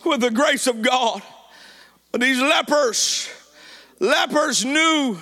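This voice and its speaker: A man preaching a sermon with a shouted, sing-song cadence, repeating his lines for emphasis. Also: very high-pitched, slow, pauses often.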